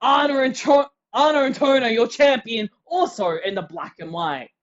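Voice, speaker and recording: An excitable wrestling commentator calls every move of the match, bursting into shouts whenever a big hit lands. The pitch sits in the middle range. The audio is dull and lo-fi. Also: normal speed. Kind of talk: play-by-play commentary.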